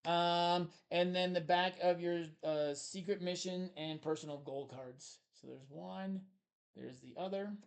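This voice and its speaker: A man's voice: high voice, steady tone, measured pace, creaky. A man co-hosting a casual board game review, talking with enthusiasm and many fillers as he shows the components.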